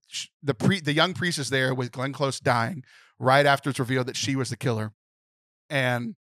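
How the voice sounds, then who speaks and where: A man's voice: mid-range voice, dry recording. A man co-hosting a podcast, caught up in retelling a film's plot with lots of fillers and restarts. His voice sits in an ordinary middle range. The recording is close and dry, with no room sound. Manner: animated storyteller retelling a film plot, many fillers. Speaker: podcast co-host. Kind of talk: casual podcast chat.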